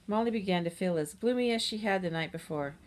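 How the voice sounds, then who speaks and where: A woman narrating a children's chapter book aloud in a steady, gentle reading manner. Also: mid-range voice, fast talker. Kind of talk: storybook read-aloud.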